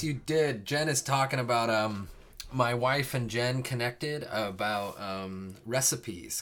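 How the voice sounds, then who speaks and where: A man's voice: on the low side, fairly bright tone. Chatty man hosting a coding stream. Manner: rambling, chatty, many fillers and restarts. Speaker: host of a live coding stream. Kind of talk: casual live-stream chat before a coding lesson.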